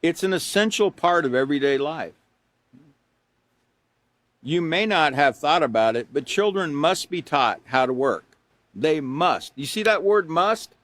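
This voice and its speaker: A man's voice: fairly high pitch, animated, a little slow, fairly bright tone, no echo. A man in his sixties giving a live online class lecture on character education, folksy and rambling with chuckles and asides, and emphatic when he stresses rules.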